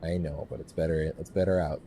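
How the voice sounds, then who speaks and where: A man's voice: extremely low pitch, little pitch movement, fairly quick, dark tone, slight background noise. A man casually commenting as he streams a game, rambling and often restarting his phrases.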